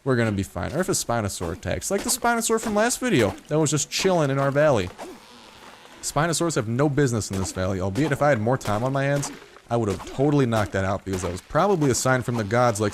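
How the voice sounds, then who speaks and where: A man's voice: fairly low pitch, lively intonation, brisk, a little hiss or hum. A young man giving casual gameplay commentary in a rambling, jokey way with plenty of swearing. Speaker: gaming YouTuber.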